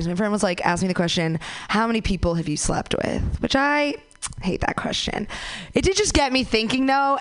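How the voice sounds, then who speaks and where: A woman's voice: mid-range voice, no room sound. Crude rambling young woman comic. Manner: crude, rambling, self-mocking, many likes and you knows. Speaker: stand-up comic. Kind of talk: stand-up comedy set.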